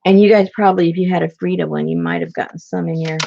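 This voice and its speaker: A woman with a low-pitched, gravelly voice chats about her crafts with viewers, rambling from thought to thought and full of fillers and restarts. The sound is dull and lo-fi. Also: steady tone, fast talker, noisy background. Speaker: crafting channel host. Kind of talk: casual crafting chat to viewers.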